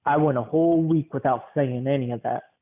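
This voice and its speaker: A man's voice: medium pitch, fairly even intonation, fairly quick. Rambling man with a tinny, phone-like sound. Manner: rambling, repeats words, many fillers. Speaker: podcast host. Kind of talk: casual rambling monologue.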